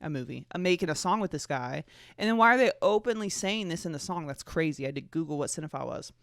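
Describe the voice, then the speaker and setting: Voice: medium pitch, expressive, quick pace, creaky, a bit bright, no room sound, studio quality. A twenty-five-year-old podcast host with a hint of a Southern US accent, chatting alone in a rambling, jokey, profane way. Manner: rambling, jokey and profane, with self-mocking asides. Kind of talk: casual solo podcast chat.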